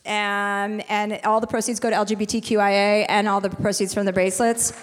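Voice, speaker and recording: A woman's voice: medium pitch, level tone, a little fast, a little hiss or hum. Woman host, 40s, frank and profane storyteller, live show, long hall reverb. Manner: frank and profane, rambling with restarts. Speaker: podcast host. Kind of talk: candid storytelling on a live podcast. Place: live stage in a venue.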